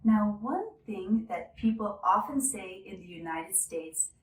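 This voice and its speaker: A woman teaching an English lesson, speaking clearly and carefully as she models polite phrases. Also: mid-range voice, animated, measured pace. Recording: echoey room, slightly distant mic.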